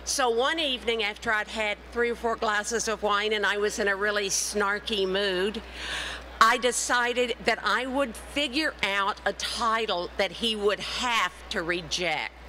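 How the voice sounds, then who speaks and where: A middle-aged woman speaking at a conference with a bright, forceful voice. She tells her story with energy and slips into the voices of the people she quotes. A faint hum of room ambience sits underneath. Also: medium pitch, a little slow, low-quality recording. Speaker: author and speaker. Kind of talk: conference talk.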